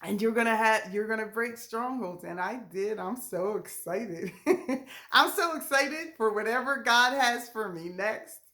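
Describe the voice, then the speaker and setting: A woman delivers a heartfelt inspirational message. Her voice sits a bit high and she talks slowly and unhurriedly. She sounds moved, close to tears, with soft laughter breaking into her words. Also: animated. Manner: heartfelt, laughing through tears, Southern-tinged casual speech. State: emotional, near tears. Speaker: ministry leader.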